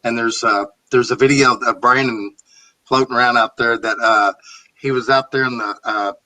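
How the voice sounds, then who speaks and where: Bright-voiced, chatty male co-host. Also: medium pitch, fairly even intonation, moderate pace, rough recording. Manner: chatty, amused. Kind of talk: casual storytelling.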